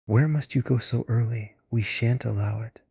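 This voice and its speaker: A man voicing a vain, doting aging actress in a breathy whispered role-play. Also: medium pitch, normal speed, dark tone, no room sound.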